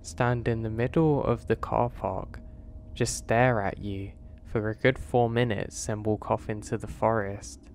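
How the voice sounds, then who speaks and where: A man's voice: on the low side, fairly even intonation, measured pace, a little mellow, slight background noise. A man voicing an odd, blunt rural gas station attendant who asks pushy questions. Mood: insistent.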